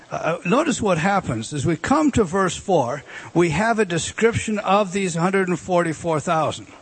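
A man delivers an expository sermon with a slightly high, husky voice. He leans hard on repeated key words and stops to put questions to the congregation. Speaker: preacher.

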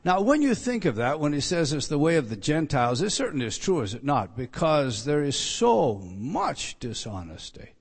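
A man's voice: fairly high pitch, big pitch swings, normal speed, few pauses, husky. Guy preaching an evening sermon, reads verses out, emphatic, keeps restarting himself. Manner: reads scripture aloud, emphatic with frequent restarts. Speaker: pastor.

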